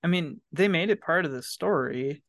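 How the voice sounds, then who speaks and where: A man's voice: fairly high pitch, expressive, moderate pace, a bit bright, no room sound. A man chatting casually as a podcast guest, rambling and laughing often. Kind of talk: casual chat.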